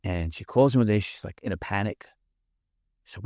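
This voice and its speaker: Low-voiced man telling stories. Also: a little fast, a little mellow, no room sound, clean studio sound. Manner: vivid anecdote teller, profane. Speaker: guest. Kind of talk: casual storytelling.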